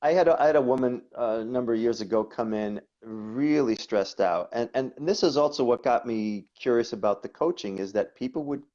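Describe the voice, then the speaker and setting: A man, a guest coach, talking casually and telling stories in an animated way, often repeating words. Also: medium pitch, brisk, few pauses. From New York. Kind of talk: conversational storytelling. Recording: dull lo-fi audio.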